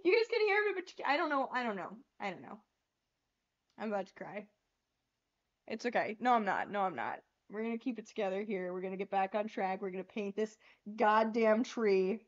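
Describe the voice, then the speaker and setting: A woman's voice: medium pitch, animated, a little fast. A young woman hosting a casual livestream, flustered and laughing as she swears through tech trouble. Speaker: livestream host. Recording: lo-fi stream audio.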